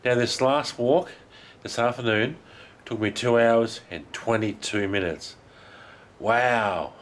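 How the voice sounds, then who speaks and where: A man vlogging outdoors while walking, out of breath, excited and chatty, laughing often. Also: medium pitch, measured pace. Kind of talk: casual vlog while walking. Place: outdoors in a park.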